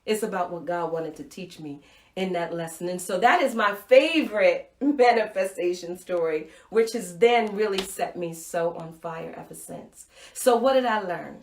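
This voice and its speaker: A woman hosting a live-streamed inspirational talk, telling a personal story with animated acted-out reactions and dropping to a soft, intimate voice for key points. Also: on the low side, moderate pace, roomy sound. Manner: animated storytelling, acts out her own reactions. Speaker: host. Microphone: Facebook Live stream, webcam or phone mic.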